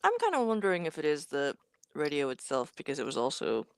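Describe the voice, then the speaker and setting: A woman's voice: low-pitched, huge pitch swings, fast, creaky, clear, resonant tone, no room sound. A woman co-hosting a live hardware build stream, chatting casually and thinking aloud, muttering half to herself as she works through things, with a playful, slangy way of talking. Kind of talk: casual chat.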